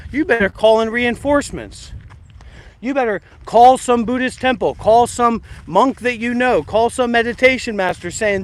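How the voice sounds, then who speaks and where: A man hosting a meditation livestream, talking bluntly and rambling in a confrontational way as he answers his critics. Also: very high-pitched. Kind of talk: casual livestream rant.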